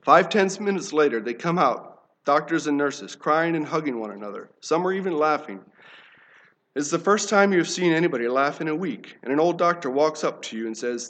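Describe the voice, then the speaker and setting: A man with a fairly high voice tells a sermon illustration with dramatic pacing. He swings between urgent passages and sudden hushed, slowed lines. The delivery stays intense and vivid throughout. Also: lively intonation. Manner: dramatic, sudden drops to a hush, slows for emphasis. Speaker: preacher.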